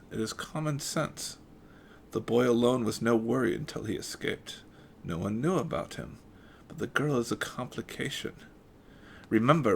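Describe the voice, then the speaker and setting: A man's voice: fairly low pitch, creaky, slight background noise. A man voicing a stern, mannish female villain in a put-on German accent, speaking in a cold, clipped, commanding way.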